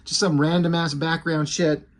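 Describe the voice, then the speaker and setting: A man's voice: fairly high pitch, flat delivery, moderate pace. Blunt, rambling man reviewing comics. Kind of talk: casual comic book commentary.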